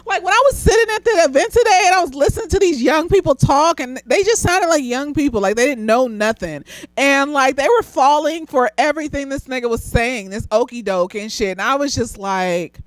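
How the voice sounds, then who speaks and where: A woman's voice: high voice, expressive, moderate pace, no echo. Woman, therapist, casual film review, blunt, profane, laughs a lot, slightly tipsy, dry close sound.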